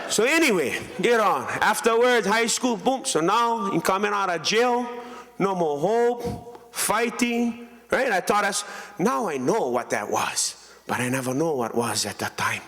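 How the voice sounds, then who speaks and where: A man from Hawaii speaks in Hawaiian Pidgin, telling stories about his life from a podium with a joking, animated delivery. His voice sits a little high and swings up and down a lot. A long hall reverb trails every phrase. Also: unhurried. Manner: joking, storytelling, lively. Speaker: keynote speaker. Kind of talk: storytelling speech.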